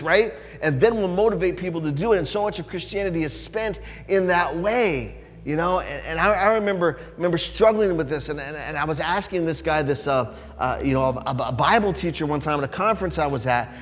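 A man preaching a sermon in a conversational, animated way, often asking the listeners questions. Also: on the high side, a little fast, hardly any pauses. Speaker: pastor. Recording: long hall reverb, faint hum.

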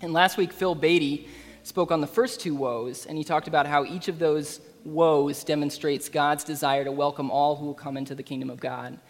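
Man, sermon, casual conversational preaching, fairly high voice, long echoing reverb. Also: steady tone, normal speed. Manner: conversational, with fillers and asides.

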